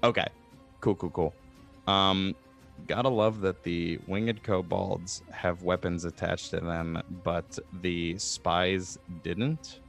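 A man's voice: deep voice, steady tone, slow, vocal fry, fairly bright tone, faint music behind. A man narrating as game master of a tabletop game, in a loose, rambling way with many fillers.

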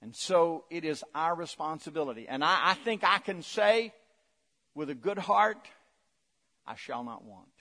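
Middle-aged pastor guy preaching in church, loud then quiet, keeps asking the crowd to answer back, slightly high voice, long echo. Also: animated, measured pace. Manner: swings between loud emphatic preaching and low quiet asides; coaxes the congregation to respond. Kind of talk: sermon. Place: church sanctuary.

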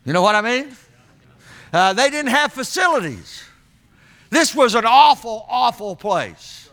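A man's voice: extremely high pitch, big pitch swings, unhurried, pushed and bright. A man preaching a sermon in a folksy, emphatic way, calling out to the congregation as he tells stories.

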